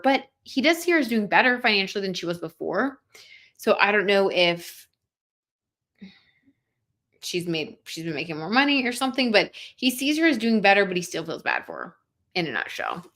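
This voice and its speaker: With big pitch swings in a mid-range voice, a young woman talks a little fast and a bit brightly as she hosts a tarot livestream. She keeps things casual, reading viewers' comments aloud amid frequent "like" fillers.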